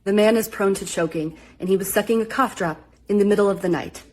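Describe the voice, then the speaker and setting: A woman giving a mock courtroom rebuttal to a jury in a dry, deadpan, matter-of-fact way. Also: mid-range voice, fast, over loud music. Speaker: comedic vlogger, wife.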